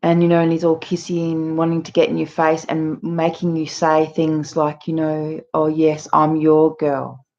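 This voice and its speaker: A woman's voice: low voice, monotone, normal speed, few pauses, mellow. A woman hosting her channel, earnestly explaining with frequent fillers. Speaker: channel host. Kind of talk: talking to camera about abuse. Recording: muffled lo-fi audio.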